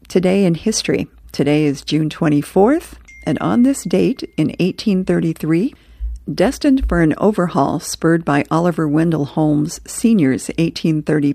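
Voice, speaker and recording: A woman host reading out comic strips and history notes in a relaxed way. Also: low voice, creaky, no room sound, clean studio sound. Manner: relaxed, chuckles at the jokes.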